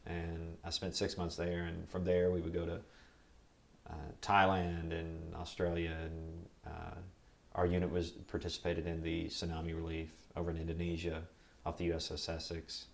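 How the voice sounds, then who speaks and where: Young male veteran for an oral history interview, deep and gravelly, relaxed rambling delivery. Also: moderate pace.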